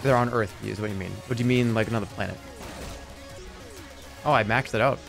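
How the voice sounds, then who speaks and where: A man's voice: mid-range voice, a little fast, gravelly, fairly bright tone, faint music behind. A man streaming live, chatting casually in a rambling, jokey way that trails off into mumbled asides.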